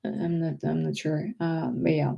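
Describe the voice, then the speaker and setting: A woman's voice: sits low, little pitch movement, normal speed, creaky, muffled recording. A woman from France with a French accent, chatting casually as host of a livestream, rambling with many restarts and fillers. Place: home.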